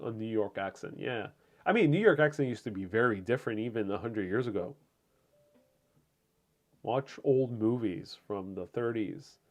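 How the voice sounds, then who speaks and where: A man from Puerto Rico, with a mid-range voice, hosts a live stream from home. He chats informally and answers viewer comments, rambling with many fillers and restarts.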